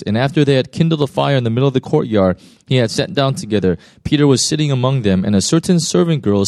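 A man's voice: medium pitch, a little mellow, no room sound, studio quality. A man, a pastor, reading a Bible passage aloud and then preaching in a loose, conversational way, with many fillers and restarts. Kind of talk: scripture reading and sermon.

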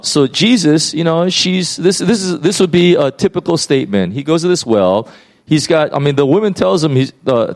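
A man preaching a sermon, retelling a Bible story in a lively, conversational way with many fillers and restarts. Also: mid-range voice. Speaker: pastor.

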